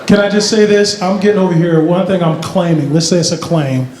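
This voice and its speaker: High-voiced animated male speaker. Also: fairly quick. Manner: animated, playful, quizzes the crowd. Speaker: motivational youth speaker. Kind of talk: motivational school assembly speech. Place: large school hall with student audience. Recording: echoey hall with background noise.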